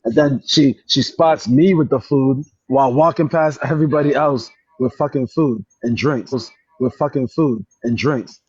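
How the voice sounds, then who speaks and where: A man in a library venting on a phone livestream, telling a story with lots of repetition and getting loud when upset. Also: mid-range voice, moderate pace, few pauses, slightly rough, no room sound, lo-fi sound. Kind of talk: casual livestream chat. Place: public library.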